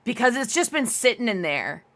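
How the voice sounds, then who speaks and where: A woman's voice: fairly high pitch, big pitch swings, normal speed, a bit bright. A young adult woman live-streaming, chatting casually with her viewers in a giggly, rambling way and answering chat aloud.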